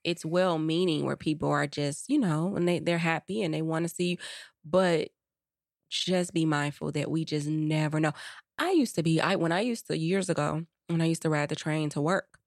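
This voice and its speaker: Woman podcast co-host, low voice, dry close sound, chatty storyteller. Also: normal speed, gravelly, no echo. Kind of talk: casual podcast chat.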